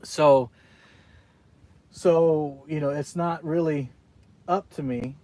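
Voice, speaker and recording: A man's voice: on the high side, fairly even intonation, takes it slowly, dark tone. A man from South Carolina chatting casually with his viewers while out fishing, rambling from one thought to the next. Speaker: fishing live streamer. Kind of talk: casual live stream chat while fishing. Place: outdoors by the water, fishing.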